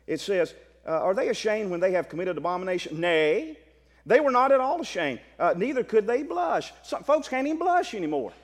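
A high-voiced man preaching a Baptist sermon. His pitch swings widely as he builds from quiet asides to loud, exclaiming stretches. He speaks in a hall with a long echo. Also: very animated, fairly quick.

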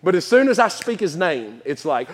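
A man's voice: high-pitched, big pitch swings, normal speed, big-room sound. A man preaching a sermon in church, folksy and chatty, laughing often and repeating his words.

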